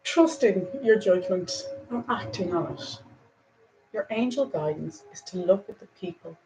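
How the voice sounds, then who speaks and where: A woman's voice: low-pitched, slight background noise, low-quality recording. Earnest woman giving a spiritual talk. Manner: earnest and reflective, laughs softly, a little emotional. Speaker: spiritual talk host reading angel cards.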